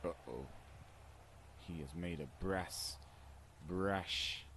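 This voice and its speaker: A man's voice: low voice, very slow, vocal fry, background noise. A man, streaming a football game and cursing at his teammates in frustrated trash talk. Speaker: gaming streamer. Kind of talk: live gameplay commentary.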